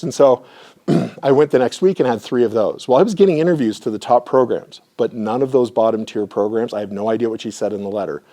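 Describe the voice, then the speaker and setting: In a warm, mid-range voice, a middle-aged man addresses a room audience in a live lecture, telling personal stories conversationally and often clearing his throat.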